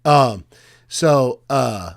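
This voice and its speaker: Podcast co-host, young adult man, mid-pitched, animated storyteller who slips into shouting caller impressions; dry close sound. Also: very slow, gravelly, dry recording. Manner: animated, acts out angry callers in raised voice. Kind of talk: casual storytelling chat.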